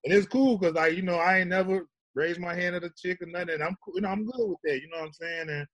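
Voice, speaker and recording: A man's voice: high-pitched, fairly even intonation, fast talker, fairly bright tone, dry recording. A man telling stories about fatherhood in laid-back, slangy casual chat, often tagging on "you know what I'm saying.". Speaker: guest.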